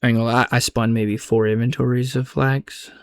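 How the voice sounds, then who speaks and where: Young man, casual gaming ramble, slangy and loose, average pitch, lots of restarts. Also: flat delivery, a little fast, clean tone, no room sound. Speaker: gaming vlogger.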